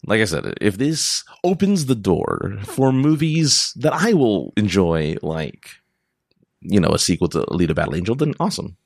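A deep-voiced man hosts a podcast alone, talking in a loose, rambling way that drifts from tangent to tangent. His pitch swings widely as he goes, and he laughs often. The sound is dry and close. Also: big pitch swings, moderate pace, gravelly, husky, no echo. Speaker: podcast host. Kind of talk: casual rambling monologue.

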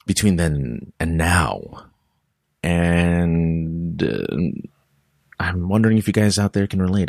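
A man's voice: low-pitched, vocal fry, dry recording, studio quality. A man telling a rambling personal story in a casual monologue to his listeners, often cutting himself off mid-sentence. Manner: rambling, self-interrupting, animated storytelling.

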